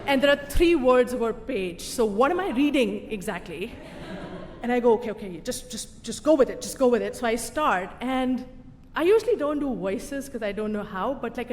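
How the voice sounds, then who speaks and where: Animated young woman telling a story on stage. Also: on the high side, slight background noise. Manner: animated, self-mocking, conversational with pauses for laughs. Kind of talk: live personal storytelling on stage. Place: stage in a venue with a live audience. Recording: reverberant hall, faint room ambience.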